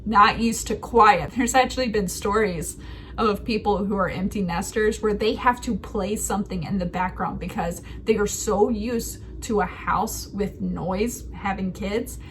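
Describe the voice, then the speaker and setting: Woman, thirties, writing host, chatty and animated, medium-pitched voice, faint hiss behind. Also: measured pace. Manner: chatty, animated, laughs at herself. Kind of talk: casual writing commentary.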